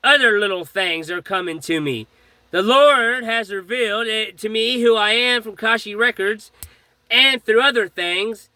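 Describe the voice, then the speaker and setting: A man's voice: sits high, a little slow, sharp tone, no room sound. A man earnestly telling a rambling personal story about his faith, with frequent fillers and restarts. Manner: speech full of fillers and restarts. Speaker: storyteller recounting a personal experience. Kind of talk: casual spoken testimony.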